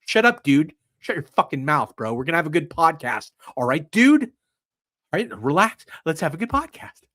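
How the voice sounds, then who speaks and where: A man's voice: on the high side, very animated, moderate pace, bright, forceful tone, no echo, studio quality. A man doing a brash, pushy guy barking orders. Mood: bossy. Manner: aggressive, repetitive, rising insistence. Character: pushy brash man bossing a podcast partner.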